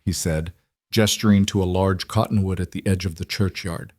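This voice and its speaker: Low-voiced man narrating a calm story. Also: moderate pace, no room sound, clean studio sound. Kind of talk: scripted narration.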